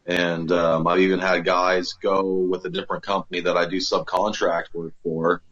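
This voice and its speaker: Low, flat-voiced male podcast guest. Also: normal speed. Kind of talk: casual interview chat. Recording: dull lo-fi sound.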